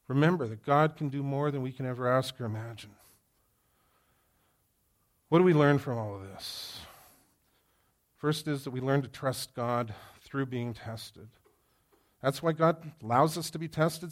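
A man preaching a sermon, moving from quiet reflection to loud, emphatic exhortation. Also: mid-range voice. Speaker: pastor.

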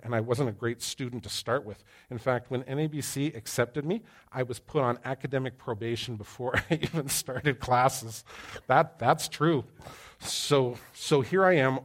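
A man preaching to a congregation in an animated, storytelling way. His pitch sits in an ordinary middle range, but he pushes it up and down for effect and keeps throwing questions out to the room. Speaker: pastor. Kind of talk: sermon. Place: church hall with live audience.

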